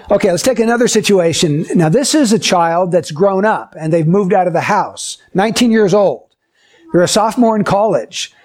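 High-voiced man teaching a Bible lesson. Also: darkish tone. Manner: asks the listeners questions and acts out short scenes.

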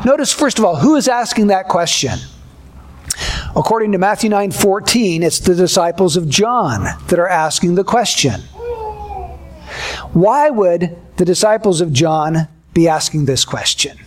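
A male pastor preaching a sermon in a measured, deliberate way, building repeated contrasts. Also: high-pitched.

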